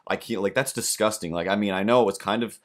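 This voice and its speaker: Brief: man acting out a dramatic young woman roommate, over-the-top and teasing, voiced low without much change. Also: fast, lightly acted.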